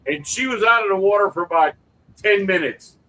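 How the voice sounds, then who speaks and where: A man co-hosting a livestream, telling animated stories and loudly acting out what people said. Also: sits high, brisk, rough recording. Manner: animated storyteller, acts out quotes loudly. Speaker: livestream co-host. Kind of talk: casual chat.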